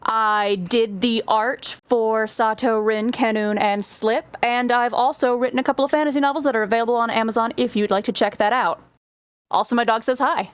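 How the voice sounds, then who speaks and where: A woman's voice: fairly high pitch, steady tone, moderate pace, clear, resonant tone, no echo. A woman cheerfully introducing herself as a player and artist. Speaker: player, streamer and author.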